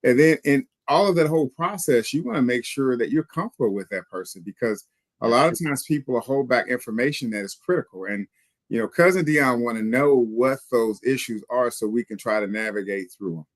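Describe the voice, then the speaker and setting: A mortgage lender explaining pre-approvals in a confident, joking manner. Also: male voice, medium pitch, lively intonation, a little fast, no room sound. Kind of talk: casual explanatory talk.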